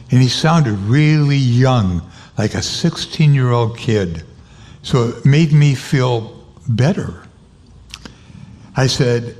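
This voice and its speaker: An older man, an interview guest, telling a personal story and acting out the dialogue with sudden jumps in pitch. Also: animated, a little slow, a little mellow. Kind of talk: storytelling anecdote.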